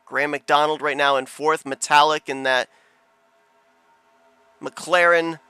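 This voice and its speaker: A man commenting on a sim race broadcast in quick, chatty play-by-play with bursts of excitement. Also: fairly high pitch, soft background music.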